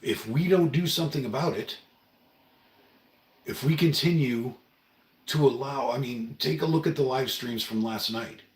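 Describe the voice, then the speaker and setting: A man's voice: mid-range voice, moderate pace, pauses often, recorded from a distance. Middle-aged guy rambling earnestly on his home stream, kinda emotional, echoey room. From Oregon, USA. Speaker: livestream host. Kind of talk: casual livestream monologue. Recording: roomy, a bit off-mic.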